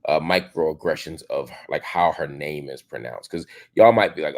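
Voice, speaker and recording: A man in his forties hosting a show, delivering an emphatic opinion monologue full of rhetorical questions, swinging between loud and soft. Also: a bass voice, normal speed, gravelly, few pauses. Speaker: show host.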